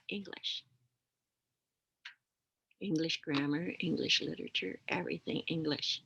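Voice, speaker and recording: An older woman teaching through stories outdoors in a slow, gentle, plain-spoken way, dropping in Ojibwe words. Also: on the low side, gravelly. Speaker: elder teacher. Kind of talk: oral storytelling lesson.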